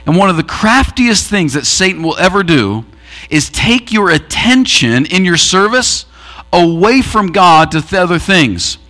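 A man's voice: high-pitched, big pitch swings, a little slow, sharp tone. A man preaching a sermon, earnestly telling a parable and acting out its quoted voices. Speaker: pastor.

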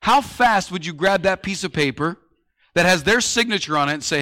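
A man's voice: high-pitched, expressive, moderate pace, sharp tone. A man preaching a sermon in a conversational way, using everyday analogies and rhetorical questions. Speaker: pastor.

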